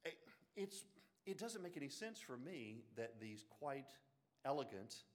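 A man with an Alabama Southern accent giving a classroom lecture on the Bible, animated, with joking asides and frequent restarts. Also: mid-range voice, a little slow. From Birmingham, Alabama.

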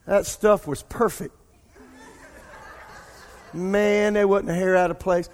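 Pastor preaching in a reverberant hall. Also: male voice, sits high, level tone, takes it slowly, a faint crowd, slight background noise. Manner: preaching with call-and-response asides to the congregation. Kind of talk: sermon. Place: church sanctuary.

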